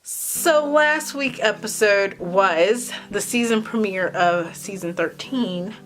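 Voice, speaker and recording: Animated, foul-mouthed woman vlogger. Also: mid-range voice, slow pace, loud music behind the voice. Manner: animated, swears freely, exclamatory. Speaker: vlog host. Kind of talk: casual profane TV recap.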